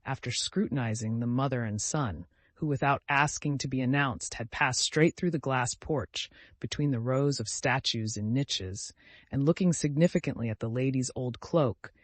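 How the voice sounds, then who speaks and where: Male narrator, classic novel audiobook, measured delivery, medium pitch, dry close sound. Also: dry recording. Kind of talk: scripted narration.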